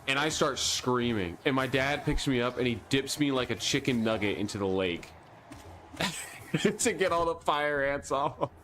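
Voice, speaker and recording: A man's voice: mid-range voice, unhurried, slight background noise. Man telling a funny story, laughing. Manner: animated, laughs often, self-deprecating. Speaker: streamer. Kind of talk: casual storytelling.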